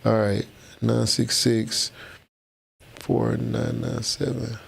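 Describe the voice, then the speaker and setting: A man's voice: mid-range voice, monotone, slow, vocal fry, slightly rough. A man hosting a casual livestream, chatting loosely and greeting viewers by name. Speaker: livestream host.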